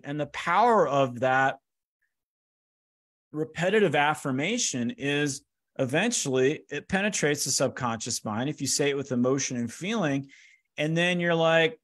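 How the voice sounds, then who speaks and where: A man telling stories in a lively motivational talk, acting out the lines of the people in them. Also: fairly high pitch, measured pace. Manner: energetic, acts out quoted dialogue. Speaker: speaker giving a finance workshop. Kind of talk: animated motivational storytelling.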